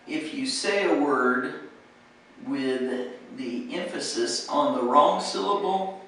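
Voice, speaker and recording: A woman's voice: rumbling low, a bit bright, very echoey, recorded from a distance, slight background noise, rough recording. Patient American woman coaching pronunciation. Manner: patient, models words and repeats them. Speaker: pronunciation teacher.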